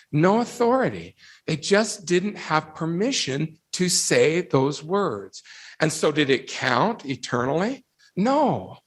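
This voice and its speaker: A man delivering an inspirational talk to a young audience in a slightly raised voice. He takes his time, asking rhetorical questions and repeating key phrases for emphasis. His stories come alive as he acts out the people in them. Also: on the high side. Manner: animated storyteller who acts out quoted voices. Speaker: youth speaker. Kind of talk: storytelling devotional talk.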